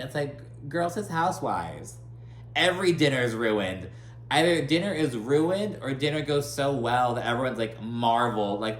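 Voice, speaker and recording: A man's voice: mid-range voice, expressive, normal speed. Brief: man, sarcastic and gossipy recap host, echoey room with a faint hum. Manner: gossipy, sarcastic, swears a lot, many "like" fillers. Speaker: recap commentator. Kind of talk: casual reality TV recap.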